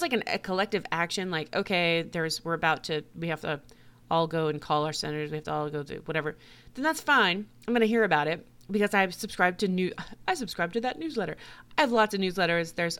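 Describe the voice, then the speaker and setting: A woman's voice: on the low side, fairly quick, clean tone. A woman hosting a podcast, ranting bluntly in a casual monologue, swearing often and laughing between points. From United States. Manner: blunt, profane, laughing, animated. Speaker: podcast host.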